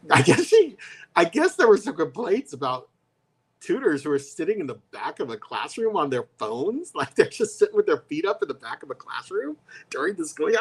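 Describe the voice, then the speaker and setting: A man's voice: mid-range voice, expressive, fairly quick, fairly bright tone, husky. Co-host, male, conversational storyteller who jumps into voiced quotes. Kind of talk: casual chat. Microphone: live stream.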